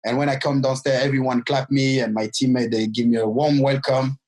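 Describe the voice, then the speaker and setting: A man with a French accent, a podcast guest who speaks French as his first language, telling his story in lively, loosely phrased English. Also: medium pitch, brisk, low-quality recording. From France. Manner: animated, non-native English with loose grammar. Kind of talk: storytelling interview.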